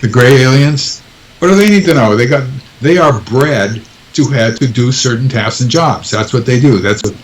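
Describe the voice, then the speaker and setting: A man's voice: mid-range voice, normal speed, rough recording. A man answering interview questions in casual talk, hesitant, with many ums and restarts. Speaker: guest author.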